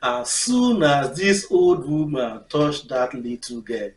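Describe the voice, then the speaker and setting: Animated woman telling a story. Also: low voice, slow pace, a little hiss or hum. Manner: expressive, laughs often, acts out scenes. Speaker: storyteller vlogger. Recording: echoey room, mic far off.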